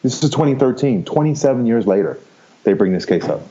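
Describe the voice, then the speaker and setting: A man in his fifties, a podcast guest, candidly recounts his life in a rambling, frank way, swearing casually and laughing easily. His medium-pitched voice is mellow, animated and brisk, with a lo-fi sound to the recording.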